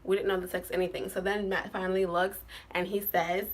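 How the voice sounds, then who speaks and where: A woman's voice: fairly low pitch, flat delivery, fairly quick. A woman vlogger telling a story to her viewers in a chatty, casual way, full of fillers and "like".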